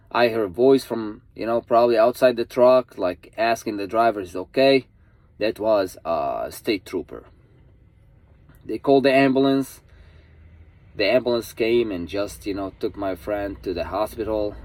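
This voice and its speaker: A man's voice: fairly low pitch, animated, unhurried, a little mellow, no echo. A truck driver vlogger, a man telling a story in a casual, earnest way, repeating himself and pleading with other drivers to stay safe.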